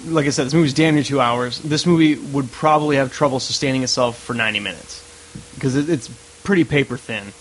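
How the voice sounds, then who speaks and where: A man's voice: medium pitch, fairly quick, a little hiss or hum, poor audio. A man co-hosting a podcast, casually reviewing a movie and rambling through scenes. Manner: rambling, animated retelling of scenes. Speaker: podcast co-host.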